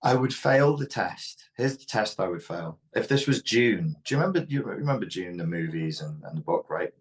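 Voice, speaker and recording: A man's voice: lowish voice, expressive, moderate pace. A man with a Liverpool Scouse accent, speaking frankly and reflectively as an interview guest. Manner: reflective, frank, occasionally swears. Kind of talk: candid interview talk.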